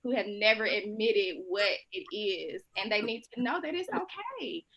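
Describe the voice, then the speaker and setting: A woman's voice: mid-range voice, expressive, normal speed, a bit bright, muffled recording. A woman host of a group video chat, speaking emphatically about openness and self-love. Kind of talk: casual chat.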